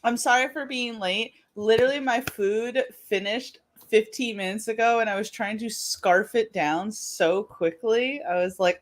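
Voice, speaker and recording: A woman joining a casual chat late, apologetic and talking quickly. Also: on the high side. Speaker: late-arriving co-host.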